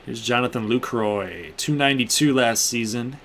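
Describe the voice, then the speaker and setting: A young man gives casual, running play-by-play as he plays a video game, chatting freely with his viewers. His pitch sits in an ordinary middle range, and a faint hiss runs under the voice. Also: moderate pace, a bit bright. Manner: chatty play-by-play, talking to viewers while playing. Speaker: gaming channel host. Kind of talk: casual gameplay commentary.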